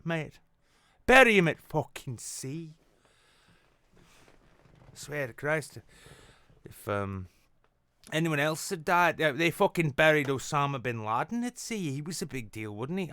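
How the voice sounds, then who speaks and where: A man's voice: fairly high pitch, fairly bright tone, clear, resonant tone, dry recording, clean studio sound. Sarcastic, crude-talking male comedy host. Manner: sarcastic, crude, swears constantly. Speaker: host of a late-night comedy show. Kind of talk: profane satirical news rant. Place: apartment. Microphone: on camera at home.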